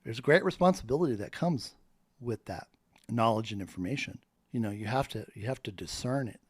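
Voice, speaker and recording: Man, middle pitch, dry close mic, fervent rambling preacher-like monologue. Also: lively intonation, a little fast, breathy edge, no room sound. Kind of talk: spoken monologue.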